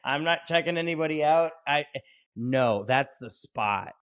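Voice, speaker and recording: Profane, laughing comedian telling stories. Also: male voice, on the high side, animated, a little slow, fairly bright tone, dry recording, clean studio sound. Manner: laughs often, swears freely. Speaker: stand-up comedian guest. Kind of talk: casual profane storytelling.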